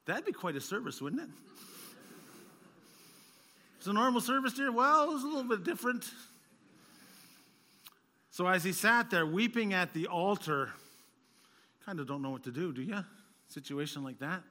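Bright-voiced pastor preaching in a hall. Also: male voice, high voice, expressive, moderate pace, pauses often. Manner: storytelling, rising to loud emphatic peaks. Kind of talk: sermon.

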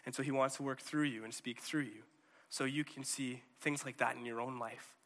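A man preaching a sermon in a conversational, animated way, often checking in with his listeners. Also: mid-range voice, moderate pace, big-room sound.

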